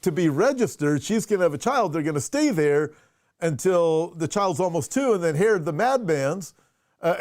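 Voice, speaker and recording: This man's voice sits high with a darkish tone, captured in a dry, clean studio recording. He's a pastor running a laid-back chat show, often restarting as he talks, using fillers and reading viewer questions aloud.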